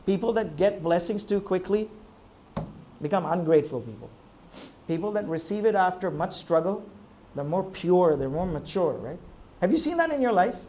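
A male pastor preaches a conversational sermon in an expressive, high-pitched voice at a moderate pace, with a little hiss or hum in the audio. Rhetorical questions carry much of it as he shifts from quiet reflection to emphatic urging.

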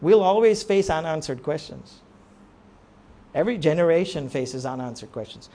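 A man preaching a sermon, rising to near-shouts and falling low, often asking the congregation rhetorical questions. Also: a little slow, pauses often. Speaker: pastor.

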